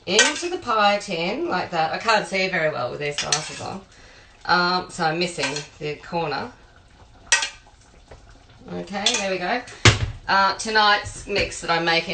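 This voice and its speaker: A woman's voice: lowish voice, reverberant, heavy background noise. An Australian woman who cooks for a living, telling long rambling stories while she makes a pie. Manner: rambling storyteller, talks while cooking. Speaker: home cook and private chef. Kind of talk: chatty cooking demo with anecdotes.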